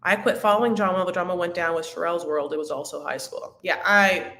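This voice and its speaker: A woman's voice: lowish voice, fast talker, a bit bright, roomy sound. A woman hosting a reality TV recap livestream, talking casually in a rambling, chatty way full of fillers and restarts. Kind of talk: casual chat.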